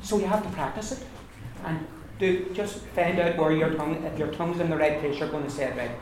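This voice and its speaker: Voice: medium pitch, a little fast. A language teacher giving a classroom pronunciation lesson to a group of learners, repeating words over and over and explaining patiently. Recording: very echoey room, far from mic, noisy.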